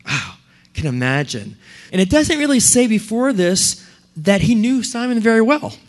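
A man who is a pastor, preaching a sermon and telling stories in an animated, emphatic way. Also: sits high, normal speed.

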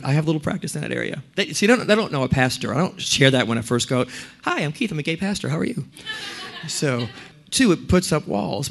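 A male pastor preaching, with a slightly raised pitch. He tells stories in an animated, emphatic way. He speaks directly to a congregation. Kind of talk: sermon.

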